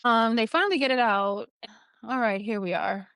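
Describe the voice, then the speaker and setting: A woman guest on a podcast, candidly telling a personal story in an animated way and laughing now and then. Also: fairly high pitch, moderate pace, dry recording, studio quality.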